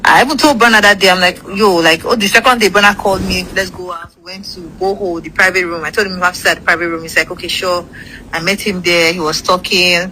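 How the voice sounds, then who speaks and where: A woman's voice: fairly low pitch, steady tone, fast, pushed and bright, rough recording. A woman casually telling a long personal story, rambling with asides and swearing freely.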